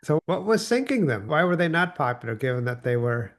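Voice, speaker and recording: A man's voice: fairly high pitch, big pitch swings, brisk. A man hosting an interview who prompts his guest with curious follow-up questions. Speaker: interview host. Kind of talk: conversational interview.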